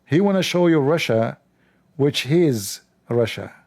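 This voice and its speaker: A man's voice: on the high side, animated, a little slow, darkish tone. A man hosting a livestream, giving sarcastic commentary on a video in scornful, mocking tones, with non-standard English grammar. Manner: mocking, scornful, exaggerated incredulity. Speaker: livestream host.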